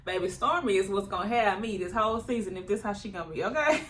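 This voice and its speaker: A woman recapping a reality show episode in a casual vlog, chatty and quick to laugh, often imitating the cast as she retells scenes. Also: mid-range voice, animated, a little hiss or hum. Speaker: YouTube reality TV reviewer.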